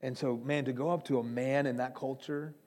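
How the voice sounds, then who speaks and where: A man's voice: mid-range voice, steady tone, a little fast, a little mellow. A man from Iran preaching a sermon, earnest and urgent, speaking straight to his listeners as he tells stories. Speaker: preacher and trainer of pastors. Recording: long hall reverb.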